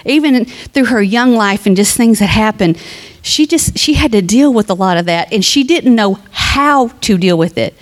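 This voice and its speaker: A woman's voice: medium pitch, lively intonation, moderate pace, few pauses. A woman speaking at a funeral, giving a heartfelt, conversational eulogy that moves into a sermon and turns to the family directly. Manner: reads scripture aloud.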